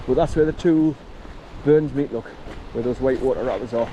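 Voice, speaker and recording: A male vlogger with a mid-range voice chats while walking outside in windy drizzle, filmed on a chest-harness camera for a casual walking vlog. He talks to his dog between remarks. Strong wind hits the mic, with wind and rushing water behind him.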